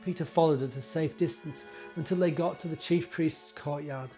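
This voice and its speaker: A man giving a measured dramatic scripture reading, telling the story. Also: a little high, fairly even intonation, mellow, faint music behind. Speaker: scripture reader.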